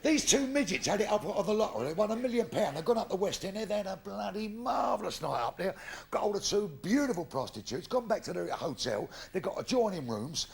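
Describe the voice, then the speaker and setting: Gravelly older comic. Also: male voice, sits high, big pitch swings, brisk. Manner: bawdy, brash storytelling. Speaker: stand-up comedian. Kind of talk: live stand-up comedy. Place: theatre stage before an audience.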